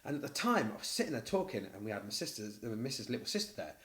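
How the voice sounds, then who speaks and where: Swearing freely as he spins stories, a middle-aged man co-hosts a podcast in casual conversation. His medium-pitched voice moves fast, recorded through a podcast mic, and his delivery is animated.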